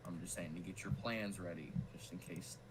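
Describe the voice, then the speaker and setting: A young man with a Southern US accent, chatting casually while hosting a weather livestream, tripping over his words when excited. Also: low voice, a little fast, background noise. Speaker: weather stream host.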